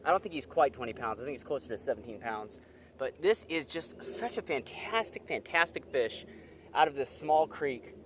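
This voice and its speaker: A young man filming a fishing vlog outdoors by a creek, talking straight to his viewers with excitable energy. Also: mid-range voice, moderate pace, noisy background. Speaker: wildlife vlogger.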